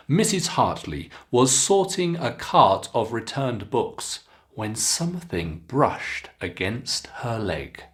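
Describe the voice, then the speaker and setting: A man with a British English accent teaching pronunciation, reading a story aloud slowly and clearly between instructions to pause and practise. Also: mid-range voice, sing-song. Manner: slow, deliberate, clearly enunciated reading with instructions to repeat.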